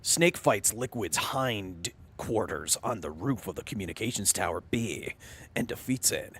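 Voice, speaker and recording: A man doing a mock-serious, measured narrator voice that recaps the story of a video game. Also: fairly low pitch, lively intonation, fairly bright tone, breathy edge, exaggerated voice. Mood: solemn. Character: slow, solemn male game-recap narrator. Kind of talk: parody game summary narration.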